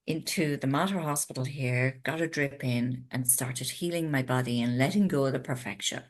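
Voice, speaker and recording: Speaking at normal speed in a bass voice, a middle-aged Irish retreat owner shares her story as a guest in a casual interview. She's animated and voices her own earlier thoughts aloud.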